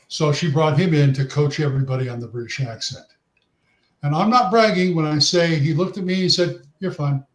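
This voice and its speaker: New man in an echoey room. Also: fairly high pitch. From New York. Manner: relaxed, anecdotal, theatrical. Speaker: podcast co-host. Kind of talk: casual chat.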